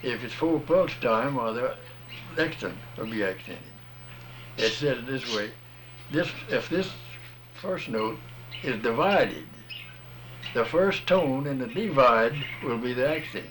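Man, folksy, patient explainer, plain-spoken, middle pitch, faint hiss. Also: animated, measured pace. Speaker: music teacher explaining rhythm. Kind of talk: casual explanation.

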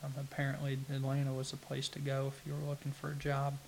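Southern us guy, interviewed, talks slow and plain, pretty monotone, bit of hiss. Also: mid-range voice, creaky. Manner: unhurried, plain-spoken, halting restarts. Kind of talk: casual interview conversation.

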